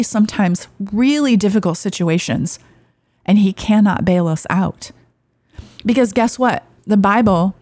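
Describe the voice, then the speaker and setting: A middle-aged woman hosting a casual faith podcast, chatting and telling family stories in a rambling, warm-hearted way. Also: medium pitch, no room sound, studio quality. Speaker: podcast host. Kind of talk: casual devotional chat.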